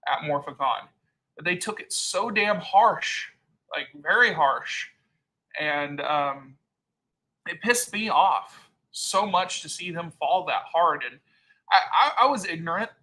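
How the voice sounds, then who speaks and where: A man with a higher-than-usual voice and a bright, forceful tone. He hosts a casual live-stream chat and tells a heated story, now and then acting out the people he quotes. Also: expressive, a little slow, poor audio. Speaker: channel host.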